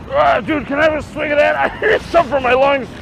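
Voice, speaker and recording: A man's voice: extremely high pitch, steady tone, brisk, gravelly, a bit bright, slight background noise, pitched above the performer's own voice, heavily acted. A man voicing a flustered liquor executive who panics and stammers. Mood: bewildered.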